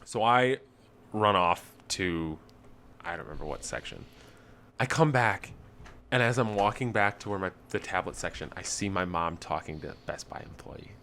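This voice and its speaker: Young man telling an animated story. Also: low-pitched, moderate pace, a little hiss or hum. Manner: animated storyteller acting out quotes. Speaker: podcast co-host. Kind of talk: casual chat, storytelling.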